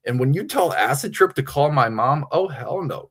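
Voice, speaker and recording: A man's voice: fairly high pitch, expressive, normal speed, few pauses, fairly bright tone, husky. Crude rambling streamer guy. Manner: crude, rambling, laughs often. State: slightly tipsy. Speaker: livestream host. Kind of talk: casual livestream chat.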